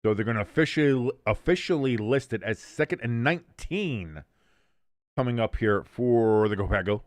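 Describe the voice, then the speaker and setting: A man with a smooth, clear voice gives casual play-by-play on a live stream, reacting to chat with jokes and sudden excited shouts. His voice is recorded close and dry, with no room sound. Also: medium pitch, moderate pace, no echo. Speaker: host of a watch-along stream.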